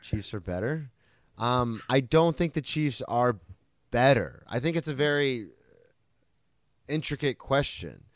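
A young man co-hosting a casual sports podcast, telling stories with animated emphasis and the odd swear. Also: medium pitch, measured pace, pauses often, dry recording, clean studio sound. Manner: animated storyteller, swears, self-deprecating. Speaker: podcast co-host.

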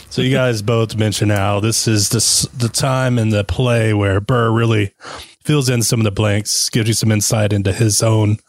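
A man acting as the podcast's producer, giving a relaxed recap of what the hosts said, with a casual swear. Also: fairly low pitch, moderate pace, no room sound.

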